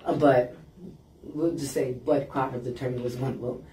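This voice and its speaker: A woman guest on a podcast telling a story in a blunt, animated way and acting out what people said. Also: very deep voice, normal speed. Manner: blunt, animated, acts out quoted lines. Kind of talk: casual storytelling. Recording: roomy sound, mic at a distance.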